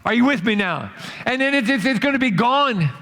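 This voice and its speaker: A man preaching a sermon as pastor, emphatic, swinging between loud, rising declarations and hushed, slow passages. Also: extremely high pitch, expressive, in a large hall. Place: church sanctuary.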